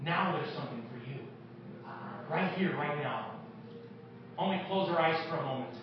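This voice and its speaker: High-voiced preacher in an echoey hall. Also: male voice, moderate pace, noisy background. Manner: impassioned preaching, swinging from loud declarations to hushed prayer. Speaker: pastor. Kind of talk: sermon. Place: church sanctuary. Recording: echoey distant room, dull lo-fi sound.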